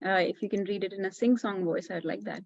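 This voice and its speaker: A woman's voice: mid-range voice, fairly even intonation, quick pace, creaky, no echo, muffled recording. A woman teaching a children's class, explaining patiently and often checking in with "right?".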